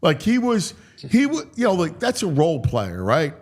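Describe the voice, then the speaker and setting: A man's voice: on the high side, wildly swooping pitch, normal speed. A man hosting a sports talk radio show, chatting casually with many stumbling restarts. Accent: Philadelphia.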